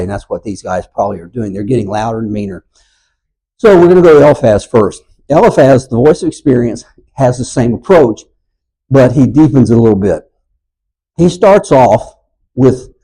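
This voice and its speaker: A man in his sixties teaching a church Bible class, telling stories and getting loud and animated when he acts out quotes. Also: mid-range voice, husky, poor audio. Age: 60s.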